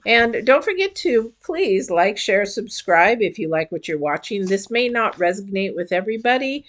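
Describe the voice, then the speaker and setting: A woman giving a chatty, rambling tarot reading to camera, with the hiccups and lots of fillers. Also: medium pitch. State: has the hiccups. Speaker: tarot reader.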